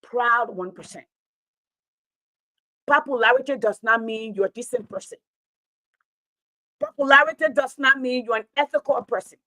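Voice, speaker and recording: A woman's voice: on the high side, normal speed, pauses often, bright, forceful tone, dry recording, poor audio. A woman, a teacher talking straight to her online audience in an impassioned, preachy monologue, repeating her points for emphasis.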